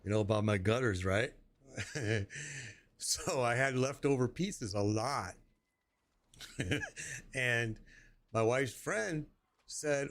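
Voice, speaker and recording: A man's voice: medium pitch, expressive, measured pace, vocal fry. A man in his sixties, streaming a game and chatting casually, often chuckling and telling stories with playful quoted voices. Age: 60s. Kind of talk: casual chat while gaming.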